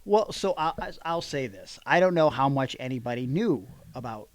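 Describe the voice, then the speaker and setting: A man's voice: mid-range voice, sing-song, moderate pace, no echo. A man co-hosting a wrestling podcast, talking bluntly and profanely with plenty of fillers. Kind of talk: casual chat.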